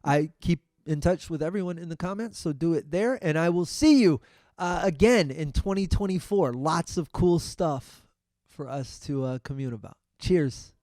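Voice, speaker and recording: Man, middle-aged, podcast host, animated storytelling, slightly high voice, dry close mic. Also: moderate pace, no echo. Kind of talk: casual storytelling monologue.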